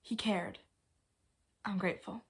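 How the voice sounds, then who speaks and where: A woman reading the words of a young Southern preacher's daughter, in a soft, wistful way. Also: mid-range voice, fairly even intonation, a little slow, gravelly, husky.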